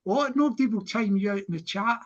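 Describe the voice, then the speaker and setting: A man's voice: high voice, a little fast. A man hosting a casual live stream who rambles, repeats himself and laughs often. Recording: dull lo-fi stream audio.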